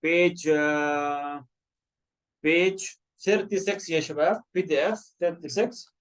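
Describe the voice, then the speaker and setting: A male teacher with an Arabic accent runs an online English lesson. His voice sits a little high for a man, and he keeps prompting students with questions. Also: steady tone, measured pace, clear, resonant tone.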